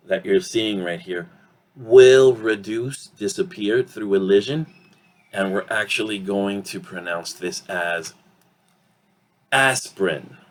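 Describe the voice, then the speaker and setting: A man teaching English pronunciation in an online lesson, speaking deliberately, modelling words slowly and often checking in with the learner. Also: fairly low pitch.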